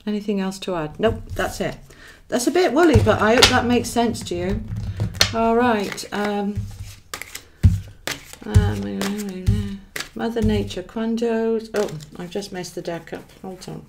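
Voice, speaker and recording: A woman's voice: mid-range voice, fairly even intonation, takes it slowly, creaky, very noisy. A woman with a Welsh accent giving a chatty live tarot reading, affectionately calling viewers darling and thinking aloud as she draws cards. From Wales. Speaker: tarot card reader.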